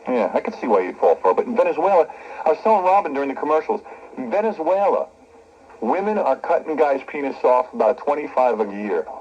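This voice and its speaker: Male radio talk host, joking, lively pitch, muffled cassette sound. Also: quick pace, breathy edge. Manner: brash, joking, animated. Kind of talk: radio talk show interview. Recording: dull cassette recording of radio broadcast.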